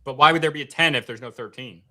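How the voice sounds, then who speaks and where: A man's voice: medium pitch, fast, bright, forceful tone. A man from Connecticut co-hosting a casual podcast, asking question after question. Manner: curious, keeps asking questions. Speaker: podcast co-host.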